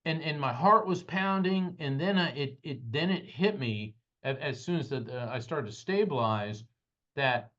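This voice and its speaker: A man telling a personal story as an interview guest, animated and dramatic, his voice rising at the intense moments. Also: normal speed, lo-fi sound. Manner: animated, dramatic retelling with rising pitch at peaks. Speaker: guest, psychic medium and lawyer.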